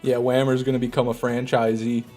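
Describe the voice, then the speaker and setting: Faint music plays behind this streamer, whose medium-pitched voice moves fairly quickly. He jokes around casually with chat during his game and tends to repeat himself.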